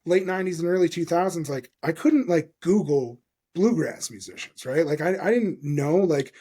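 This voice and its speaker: A man in his forties hosts a podcast with an excited, rambling delivery full of fillers and swearing. His voice sits a little high for a man, with a mellow, soft-edged tone. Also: normal speed, breathy edge. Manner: enthusiastic, profane, rambling with many fillers. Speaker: podcast host. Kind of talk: casual interview chat.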